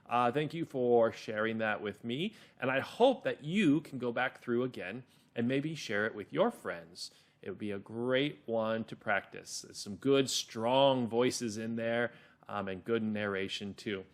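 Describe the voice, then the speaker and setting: A man's voice: mid-range voice, animated, a little slow. A man teaching children, reading a story aloud, explaining words and encouraging them.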